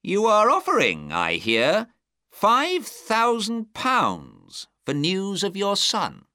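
A man's voice: high-pitched, huge pitch swings, sharp tone, dry recording, clean studio sound, voice pushed up, full character voice. Sherlock Holmes, cool and cold, read by a man. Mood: cool, assured. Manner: crisp, measured, coldly polite. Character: cool, clever male detective, coldly polite.

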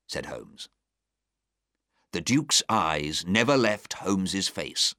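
A man narrating a simplified story, reading slowly, clearly and expressively. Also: low-pitched, very animated, pushed and bright, no echo, clean studio sound. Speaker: audiobook narrator.

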